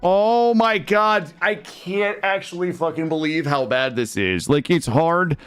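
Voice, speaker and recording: A man's voice: on the high side, measured pace, fairly bright tone, clear, resonant tone, dry recording, soft background music. A young man streaming a video game, talking through it live and swinging from muttering to panicked outbursts. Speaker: gaming streamer. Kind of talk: live gameplay commentary. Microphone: studio microphone.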